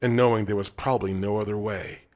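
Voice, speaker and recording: A man narrating an audiobook in a measured, subdued way. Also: fairly low pitch, steady tone, darkish tone. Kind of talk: scripted narration.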